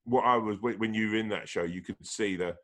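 Rambling, lower-voiced male host. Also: fairly quick, fairly bright tone. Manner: rambling, heavy on fillers and restarts. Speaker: podcast host. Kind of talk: casual chat.

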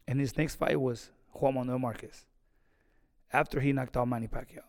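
A boxing trainer telling a story in an interview, animated and acting out the conversations he recalls. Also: medium pitch, normal speed, vocal fry, in a large hall.

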